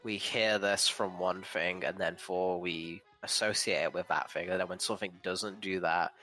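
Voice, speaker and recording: A man's voice: low voice, fairly even intonation, moderate pace, pushed and bright. A man co-hosting a podcast, talking through a comic in a thoughtful, hedging way with frequent restarts. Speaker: podcast co-host. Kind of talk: casual comic book discussion.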